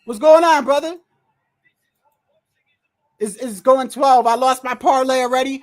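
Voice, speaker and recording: A man hosting a livestream, reacting to a boxing match with animated, profane, exasperated commentary. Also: very high-pitched, measured pace, pauses often. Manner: animated, profane, exasperated, often says bro. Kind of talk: excited live reaction commentary.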